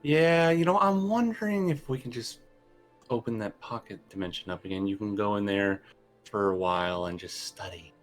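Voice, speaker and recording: A man's voice: fairly low pitch, moderate pace, soft background music. A man playing at a tabletop game table, talking in a dry, sarcastic way. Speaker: player.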